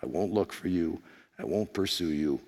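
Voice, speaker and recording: A grim former agent father growls a slow, quiet threat down a phone line, as a hoarse preacher puts him on. The voice sits low and steady with a hoarse edge, carried by the long reverb of a big hall. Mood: menacing calm. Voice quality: low, quiet, measured menace.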